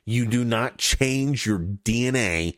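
A man's voice: mid-range voice, slow pace, no room sound, clean studio sound. A man hosting his own podcast, ranting bluntly and with profanity, mocking opponents and laughing at his own jokes. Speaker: podcast host. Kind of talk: opinionated solo podcast rant.

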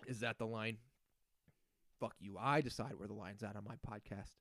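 A man's voice: on the low side, steady tone, moderate pace, gravelly, fairly bright tone, no room sound, clean studio sound. A man in his thirties hosting a solo podcast, ranting in a sarcastic, crude, casual way. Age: 30s. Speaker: podcast host.

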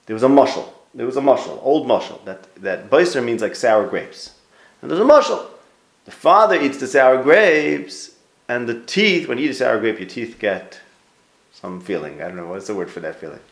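A man's voice: medium pitch, animated, moderate pace. A man leading an informal Torah class, talking things through and asking his students for words. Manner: conversational, thinks aloud, restarts and quizzes listeners. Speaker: Torah teacher. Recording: roomy echo.

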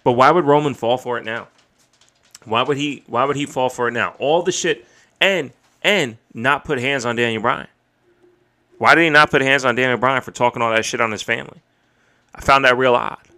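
Excitable profane man recapping wrestling. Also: medium pitch, normal speed. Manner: excited, profane, recounts and quotes matches. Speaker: podcast host. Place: home streaming setup.

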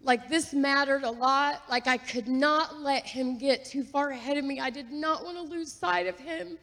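A woman sharing a personal testimony in a church, talking earnestly and chattily with fillers and soft laughs. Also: high voice, moderate pace. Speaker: guest giving testimony. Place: church sanctuary. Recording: long reverb of a large hall.

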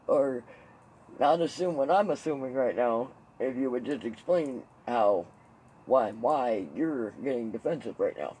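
A man hosting a podcast, chatting casually and telling animated stories with swearing, laughter and mimicked voices. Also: medium pitch, a little slow, a little hiss or hum, low-quality recording. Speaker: podcast host. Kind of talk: casual chat.

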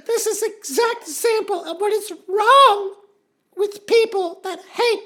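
A man doing a shrill, prissy talk-show hostess in falsetto. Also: bright, forceful tone, heavily acted. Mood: wounded. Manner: slow, prim, then explosive and shrieking. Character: shrill female talk-show host, hidden older man, easily enraged. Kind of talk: comedy sketch acting.

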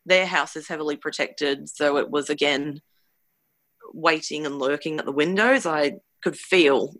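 A woman's voice: low voice, fairly bright tone, no echo. A woman earnestly recounting a personal experience, hesitant and searching for words as she goes. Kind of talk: personal storytelling.

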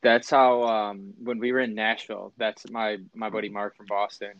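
A man's voice: on the low side, flat delivery, moderate pace, clear, resonant tone, dry recording. A young man co-hosting a casual podcast, telling stories and laughing between phrases. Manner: storytelling, laughs mid-sentence. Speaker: podcast co-host. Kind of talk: casual chat. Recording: dry, muffled lo-fi audio.

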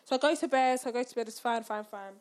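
Young woman, casual storyteller, animated and expressive, voice sits slightly high. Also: fast talker. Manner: animated, acts out quotes with rising squeals.

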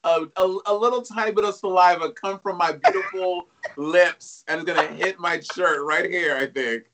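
A man talking as a guest on a casual chat show, candid and expressive, rambling through his stories. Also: high-pitched, moderate pace, noisy background.

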